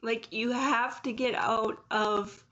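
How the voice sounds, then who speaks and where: A woman's voice: fairly high pitch, fairly even intonation, slow pace, sharp tone. A woman in her late thirties, speaking rawly and emotionally in a personal vlog, with flashes of anger. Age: late 30s. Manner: raw, emotional, angry and confessional. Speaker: vlogger. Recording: dull lo-fi sound.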